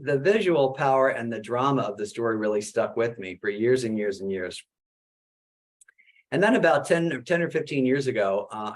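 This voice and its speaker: A middle-aged man, a Jesuit priest, giving a conversational webinar talk about his book, full of "uh" fillers and animated questions. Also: mid-range voice.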